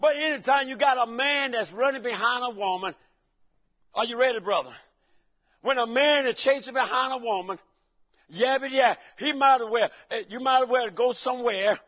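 A man's voice: very high voice, normal speed. A male preacher giving a folksy, joking sermon in a church and calling out to the congregation. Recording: dull lo-fi recording.

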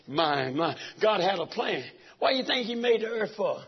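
Middle-aged preacher, very high raspy voice, dull lo-fi church recording. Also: male voice, big pitch swings, measured pace. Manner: preaches fervently, swinging from soft talk to shouts. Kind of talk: sermon. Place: church sanctuary.

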